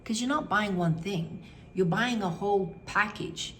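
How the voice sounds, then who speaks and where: A middle-aged woman vlogger with a mid-range, slightly bright voice chats at a measured pace over slight background noise. Her casual review talk is frank and opinionated, rambling and full of fillers.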